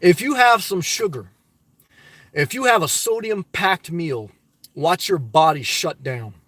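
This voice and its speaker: A man's voice: sits high, animated, a little slow, a bit bright, no echo. A middle-aged man from the US Northeast hosts a casual live stream, reading viewer comments and giving upbeat, preachy advice straight to his audience.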